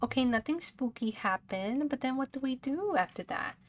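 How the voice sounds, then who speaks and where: A woman's voice: high-pitched, expressive, moderate pace, a little hiss or hum. A woman streamer giving rambling, giggly gameplay commentary, chatting to her viewers.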